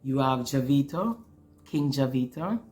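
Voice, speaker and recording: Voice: mid-range voice, animated, measured pace, a little mellow. An earnest, emotional speaker telling a personal spiritual testimony, often repeating words while searching for the next one. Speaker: spiritual storyteller.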